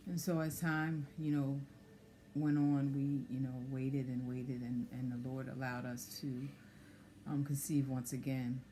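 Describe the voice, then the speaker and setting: A woman sharing a personal testimony in conversation, soft-spoken and hesitant with many fillers. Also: very deep voice, flat delivery, a little slow, a little hiss or hum. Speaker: guest sharing pregnancy loss story.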